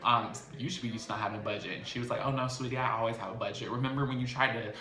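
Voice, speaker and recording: A man's voice: medium pitch, racing, reverberant. A man recapping a reality show episode in chatty, gossipy casual talk. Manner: chatty, animated, gossipy storytelling.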